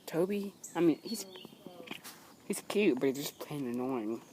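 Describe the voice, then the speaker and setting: Low-voiced woman cooing at her pets. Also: lively intonation, a little slow, dark tone. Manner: cooing, playful talk to pets, frequent giggles. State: sleepy, just woke up. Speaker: pet owner filming her cats. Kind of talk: casual home video chat. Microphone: handheld phone camera. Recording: phone video with clear background noise.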